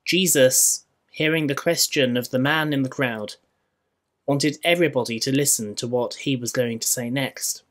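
A man with a Scottish accent preaching a sermon in church, measured and rhetorical, with dry humour. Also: mid-range voice, fairly bright tone. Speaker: minister.

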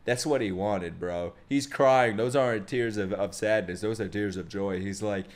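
A man giving casual reaction commentary as an anime reaction streamer, excitable and swearing freely. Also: lowish voice, brisk, few pauses.

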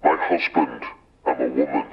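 An actor playing an anonymous woman caller whose voice is run through a distorter, so she sounds deep and gravelly like a space villain. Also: moderate pace, exaggerated voice. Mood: miserable. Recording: dull lo-fi distorted line.

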